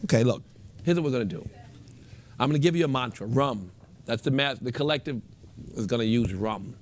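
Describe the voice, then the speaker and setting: A man guiding a group through a meditation, speaking in a relaxed, instructive way and repeating his phrases. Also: mid-range voice, brisk, slight background noise. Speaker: meditation teacher. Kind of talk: guided meditation with a live group.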